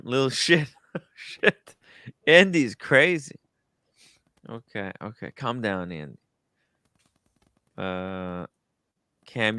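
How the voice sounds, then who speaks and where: An excitable male streamer with a bright, forceful voice, talking in loose, swearing asides. The sound is dry and close, with no room around it. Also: lowish voice, dry recording. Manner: excitable, swears, reacts loudly to a video. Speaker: streamer host. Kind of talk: casual live-stream commentary.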